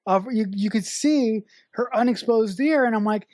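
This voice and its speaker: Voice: medium pitch, moderate pace, darkish tone, dry recording, studio quality. A podcast co-host arguing points about a film in casual chat, emphatic and stumbling over restarts, swearing for emphasis.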